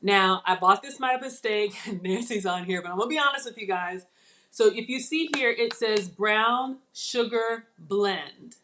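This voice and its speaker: A woman's voice: medium pitch, measured pace, a bit bright, slight background noise. Lady hosting a live cooking stream, chatty, takes her time explaining each step. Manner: chatty, talks viewers through each step. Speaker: channel host. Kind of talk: live cooking demo chat.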